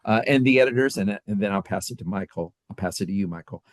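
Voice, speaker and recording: Male podcast co-host, low voice, dry close sound, halting and full of fillers. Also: no room sound. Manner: halting, filler-heavy delivery. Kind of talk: casual chat.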